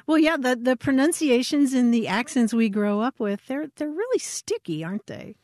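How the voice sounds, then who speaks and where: A woman's voice: high voice, sing-song, moderate pace, a little mellow, dry recording, clean studio sound. A woman co-hosting a radio show about language, chatting and laughing easily. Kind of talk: casual radio chat.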